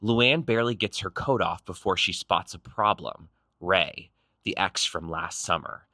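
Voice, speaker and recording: A man's voice: deep voice, pushed and bright, no echo. A man narrating a reality show recap in a snarky, punchy scripted style. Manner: snarky, punchy, quick quips.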